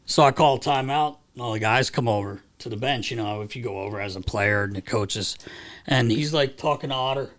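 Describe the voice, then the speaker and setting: A man's voice: mid-range voice, a little fast, fairly bright tone. A man hosting a podcast, telling hockey locker-room stories in casual chat, swearing and laughing at his own punchlines. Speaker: podcast host.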